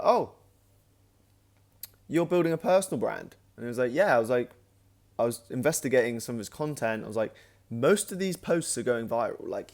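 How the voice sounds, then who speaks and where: A channel creator and host tells a relaxed vlog anecdote at a middle pitch, restarting often and leaning on fillers like "like." His delivery stays loose but perks up each time he reenacts his own earlier remarks.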